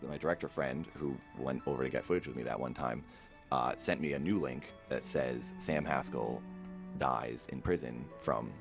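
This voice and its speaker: A man's voice: a bass voice, moderate pace, gravelly, over music. A man speaking earnestly and somberly in a personal video, reflecting on someone he knew. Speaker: youtuber.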